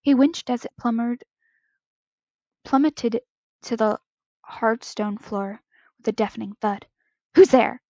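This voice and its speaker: A woman's voice: on the high side, vocal fry, dark tone, no echo. A woman reading fan fiction aloud in an unpolished way, stumbling and correcting herself, on a close home microphone with a slightly dull, lo-fi sound. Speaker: podfic reader.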